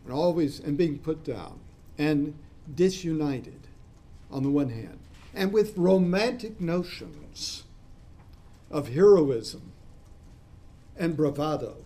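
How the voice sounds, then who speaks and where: A man lecturing a class in a discursive way, spelling out terms letter by letter and pausing with fillers. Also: a little high, animated, dark tone.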